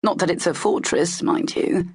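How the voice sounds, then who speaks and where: A woman's voice: lowish voice, normal speed, a little mellow, breathy edge. A woman doing Cale, a wry cocky rogue. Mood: musing. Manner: sly, teasing, half-whispered asides. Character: wry male rogue bodyguard, cocky joker.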